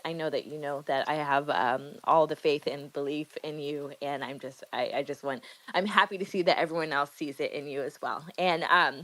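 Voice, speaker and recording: A woman speaking emotionally and haltingly about her husband in a casual live audio chat, laughing often and filling with ums. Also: low voice, a bit bright, no room sound, rough recording. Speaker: guest's wife.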